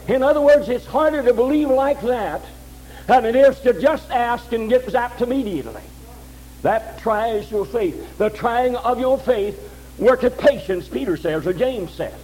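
An older man delivers a sermon in a strikingly high voice. He talks in a homely, repetitive way, often asking his listeners if they follow. A faint hum sits under the recording. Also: expressive, unhurried, a little mellow, low-quality recording. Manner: folksy, repeats phrases, asks "all right?". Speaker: preacher.

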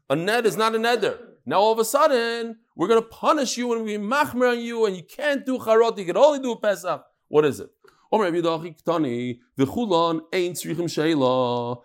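A man teaching a text-study lecture in a classroom, emphatic and rhetorical, often repeating his phrases. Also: sits high. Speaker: religious studies teacher.

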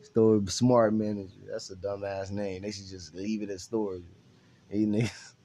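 A man's voice: on the low side, level tone, moderate pace, mellow, a little hiss or hum. A young man hosting a casual podcast, teasing and laughing often while swearing freely. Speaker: podcast host. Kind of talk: casual profane podcast chat.

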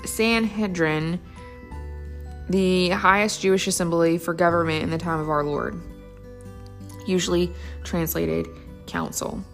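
A woman's voice: lowish voice, vocal fry. A woman teaching a casual Bible study, chatty and enthusiastic, thinking aloud as she goes through the passage.

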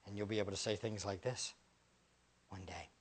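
A male pastor preaching a sermon, dropping to hushed near-whispers and then climbing to loud, emphatic rhetorical questions he repeats for effect. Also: lowish voice, fairly even intonation, moderate pace, breathy edge.

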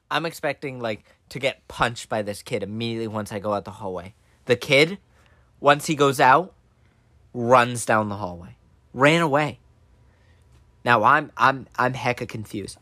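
A young man hosting a podcast, telling a story in casual chat, animated and full of restarts and laughs. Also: mid-range voice, normal speed, dry recording. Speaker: podcast host.

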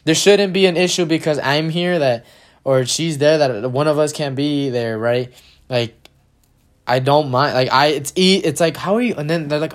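A young man ranting casually and with much profanity, often mimicking people in mocking, higher voices. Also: moderate pace.

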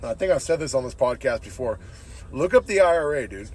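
A man's voice: medium pitch, expressive, fast, darkish tone, slightly rough. Profane laid-back man, podcast ramble. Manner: profane, laid-back, says "dude" constantly. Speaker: podcast host. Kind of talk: casual rambling monologue.

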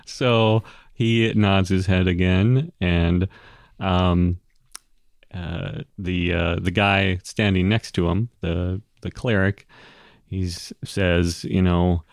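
Slow, deep-voiced man running a tabletop game. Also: no echo, studio quality. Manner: relaxed, rambling with fillers and laughs. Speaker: game master.

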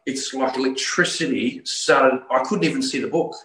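A man from Australia, middle-aged or older, telling his personal story of religious conversion as a guest, earnest and full of halting restarts. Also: medium pitch, a bit bright. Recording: roomy echo.

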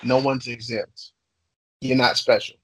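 A man's voice: medium pitch, little pitch movement, measured pace, fairly bright tone, slightly rough, no echo, rough recording. A man co-hosting a podcast, telling a heated story full of swearing and acting out what people said. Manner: heated, swearing, acts out quotes. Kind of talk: profane storytelling.

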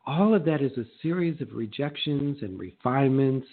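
Animated middle-aged man on a tinny line. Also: medium pitch, moderate pace. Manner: animated, acts out quoted exchanges in changing voices. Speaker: real estate coach. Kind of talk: motivational talk. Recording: narrow phone-like sound.

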